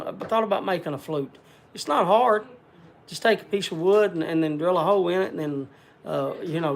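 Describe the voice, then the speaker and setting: High-pitched and gravelly, this man runs a casual livestream where he rambles through viewer names. Frequent "uh" fillers mark his speech as he chats with audience members by name.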